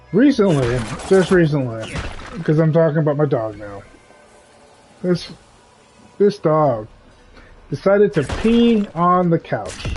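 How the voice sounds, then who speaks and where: A man chatting casually on a live game stream, rambling and telling stories with lively energy. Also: a little high. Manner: rambling, animated storytelling. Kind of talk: casual live-stream chat while gaming.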